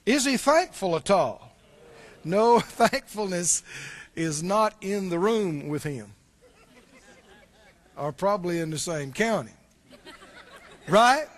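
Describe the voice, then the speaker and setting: Male pastor, very high voice, conversational sermon, quizzes the congregation. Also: lively intonation, slow pace, pauses often. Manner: conversational preaching, asks the congregation questions; repeats words when restarting.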